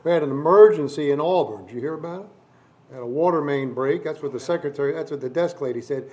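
A man's voice: a little high, fast talker, darkish tone, husky. A man preaching to a congregation, opening his sermon with folksy jokes and calls for amens. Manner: folksy and joking, calls for amens and addresses listeners as neighbor. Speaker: traveling preacher. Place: church service in front of a live congregation.

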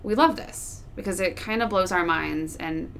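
A young woman co-hosting a chatty podcast, her voice low with a gravelly fry. She talks with bubbly enthusiasm, and a faint hum of room ambience sits behind her. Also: moderate pace, a bit bright. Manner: bubbly, enthusiastic, laughs often. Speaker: podcast co-host. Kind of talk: casual podcast chat.

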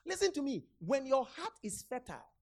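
A woman preaching a sermon, retelling a scripture story and urging her listeners with repeated calls and sudden shouts. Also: sits high, sing-song, fairly quick. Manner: repetitive, urgent exhortation with sudden shouts.

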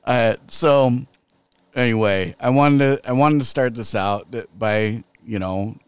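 A middle-aged man co-hosting a podcast, talking slowly with many restarts and frequent laughter. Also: medium pitch, clean tone, no echo. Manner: laughs often, slow and halting with restarts. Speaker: podcast co-host. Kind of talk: casual podcast chat.

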